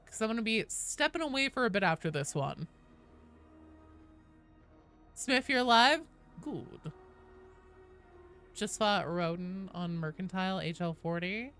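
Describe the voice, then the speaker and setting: A woman's voice: mid-range voice, animated, a little slow, pauses often, a bit bright, clear, resonant tone, faint music behind. A woman chatting casually with viewers and teammates while streaming a game, swearing, cheering and thanking followers.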